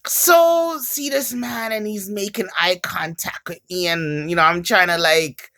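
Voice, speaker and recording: A woman's voice: mid-range voice, measured pace, a bit bright. A woman with a Jamaican accent chatting casually to her camera, a rambling storyteller who swears often. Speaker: vlogger.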